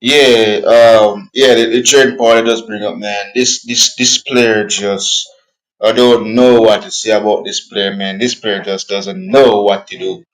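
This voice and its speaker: A man in a casual football chat, ranting in an animated, exasperated way with non-native grammar. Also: fairly low pitch, unhurried, low-quality recording.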